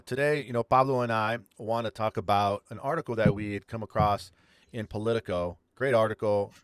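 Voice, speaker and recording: A man's voice: on the low side, clean tone, no echo, studio quality. A middle-aged man from California co-hosting a political podcast in casual talk, rambling and often restarting his sentences. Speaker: podcast co-host.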